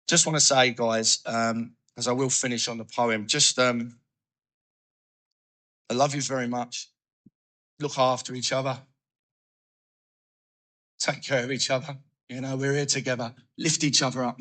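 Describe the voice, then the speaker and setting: Man, bright tense voice, lively first-person recovery talk, plays out his inner voice. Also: mid-range voice. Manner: animated storytelling, acting out his own thoughts. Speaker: recovery speaker.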